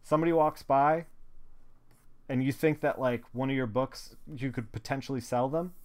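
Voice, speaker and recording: A comic colorist chats casually on a live stream while he works, speaking into a desk mic in his home studio. He rambles and says "like" constantly, with a medium-pitched, darkish voice at a normal speed.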